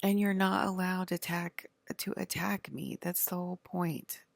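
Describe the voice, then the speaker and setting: A woman's voice: fairly low pitch, fairly even intonation, moderate pace, creaky, dry recording. A woman vlogger in a rambling, profane, indignant monologue.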